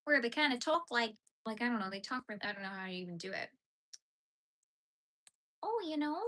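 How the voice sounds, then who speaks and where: A woman's voice: fairly high pitch, animated, fast talker, pushed and bright. A young Canadian woman on a crochet livestream, chatting casually with viewers in a rambling way with lots of "like". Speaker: crochet live streamer. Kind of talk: casual live chat while crocheting.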